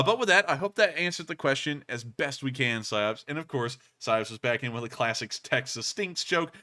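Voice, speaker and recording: Lively bright-voiced male stream host. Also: medium pitch. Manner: rambling, lively, frequent fillers and restarts. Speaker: livestream show host. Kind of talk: casual livestream chat answering donations.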